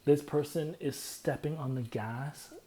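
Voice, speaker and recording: A man giving a casual comedic breakdown of song lyrics, excitable and laughing often, sometimes dropping into hushed breathy asides. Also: on the high side, measured pace.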